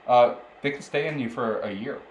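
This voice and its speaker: A man's voice: mid-range voice, normal speed. Laughing young man telling a story. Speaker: podcast co-host. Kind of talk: casual chat, storytelling. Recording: roomy, with faint background noise.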